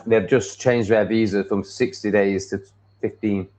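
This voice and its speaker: A man's voice: lowish voice, steady tone, unhurried, a little mellow. A man with an English accent, chatting off the cuff on a live stream, swearing freely, restarting his sentences and laughing at comments. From England. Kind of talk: rambling live-stream chat, reacting to comments.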